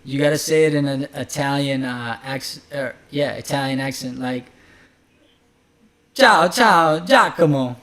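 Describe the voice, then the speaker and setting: A man's voice: medium pitch, little pitch movement, normal speed, few pauses. A man who is a chef, chatting loosely about cooking on a podcast with many fillers and restarts. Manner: loose, rambling, filler-heavy. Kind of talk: casual chat.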